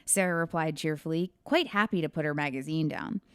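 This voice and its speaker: A woman reads her own crime story aloud on a podcast, breaking off for quick, laughing asides. Her voice sits a little low and sounds smooth and clear. The sound is dry and close, with no room echo. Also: fairly bright tone. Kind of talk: reading aloud with casual chat asides.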